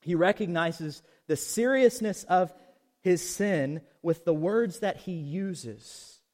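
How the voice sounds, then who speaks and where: A man preaching a sermon, swinging from loud emphatic peaks to soft low asides and leading the congregation in call-and-response. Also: slow pace. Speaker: pastor. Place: outdoors.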